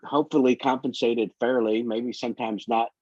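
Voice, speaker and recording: A man's voice: medium pitch, fairly even intonation, moderate pace, darkish tone, no echo. A man telling long, winding work stories as a guest in a casual interview. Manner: rambling, long winding anecdotes. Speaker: photographer guest. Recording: dull lo-fi dry sound.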